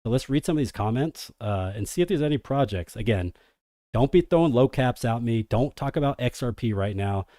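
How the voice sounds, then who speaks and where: A man with a mid-range voice talks a little fast, recorded cleanly at studio quality with no echo. Hosting a casual crypto stream, he brings high-energy hype and calls his viewers degens.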